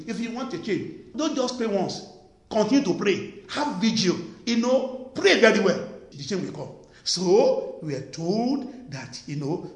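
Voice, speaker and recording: A male preacher delivers an emphatic sermon in a high voice. His pitch swings widely as he repeats his points and fires rhetorical questions. The sound rings in an echoey room.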